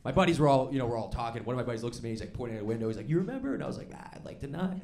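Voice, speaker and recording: A man doing stand-up storytelling on stage, animated and laughing along as he acts out the voices in his story. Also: mid-range voice, rapid-fire, a little hiss or hum. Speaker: stand-up comedian. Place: comedy club stage before a live audience. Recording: stage mic with loud crowd laughter.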